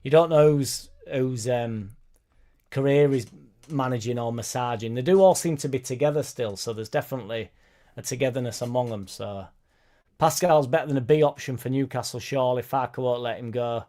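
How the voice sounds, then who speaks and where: A man's voice: medium pitch, normal speed, warm tone. A man hosting a casual football fan live stream, reading viewer comments aloud and answering them in a chatty way. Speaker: fan channel host reading live chat.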